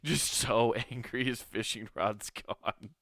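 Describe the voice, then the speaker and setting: A man's voice: fairly low pitch, animated, normal speed, a bit bright, clear, resonant tone. A man hosting a solo comedy podcast, ranting in a profane, rambling, incredulous way on a close podcast mic. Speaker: podcast host.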